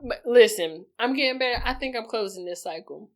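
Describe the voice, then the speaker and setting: A woman's voice: on the high side, expressive, fairly quick, crowd noise. A woman co-hosting a podcast in casual chat, blunt and profane as she gives advice. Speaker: podcast co-host.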